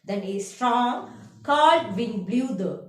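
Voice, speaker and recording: A woman's voice: a little high, animated, takes it slowly, roomy sound. A young woman teacher with an Indian English accent, reading a story aloud to a class and stopping to explain the meaning of each word. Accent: Indian English, from Kerala. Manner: reads lines aloud, then paraphrases and defines words. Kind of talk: explaining a literature text to a class.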